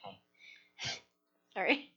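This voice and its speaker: A woman's voice: bright, forceful tone, faint music behind. A woman with a Minnesotan accent giving a casual report on a medical mission trip to a church group, talking into a large handheld microphone with lots of fillers. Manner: chatty, many fillers, quick self-corrections. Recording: dull lo-fi sound.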